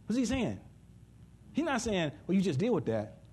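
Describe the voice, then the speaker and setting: A man preaches a sermon animatedly at a moderate pace in a husky voice, jumping from loud, high bursts to hushed asides.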